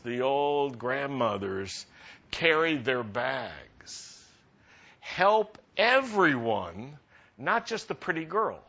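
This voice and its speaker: A man preaching a sermon to a congregation in a conversational, practical way, rising to animated emphasis. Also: medium pitch. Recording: dull lo-fi sound.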